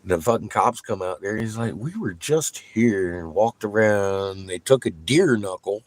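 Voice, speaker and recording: A man telling a rambling story in a casual, profane monologue, laughing between bursts of excitement. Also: lowish voice, normal speed. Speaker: vlogger.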